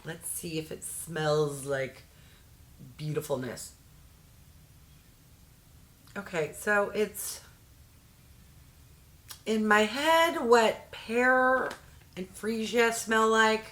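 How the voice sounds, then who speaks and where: A woman's voice: mid-range voice, very slow, fairly bright tone. A middle-aged woman chatting casually as she unboxes beauty products, easily delighted and making jokey asides. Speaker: unboxing vlogger.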